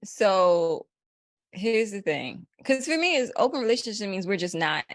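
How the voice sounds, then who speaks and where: A woman's voice: mid-range voice, big pitch swings, measured pace, no room sound, studio quality. A woman from the United States, a podcast guest, talking bluntly in slangy casual chat and laughing often.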